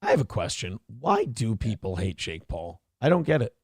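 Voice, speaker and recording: A man's voice: lowish voice, very animated, normal speed, a little mellow, no echo, clean studio sound. A man hosting a morning talk show, chatting casually in a profane, joking way. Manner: profane, joking, mocking impressions. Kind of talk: casual chat.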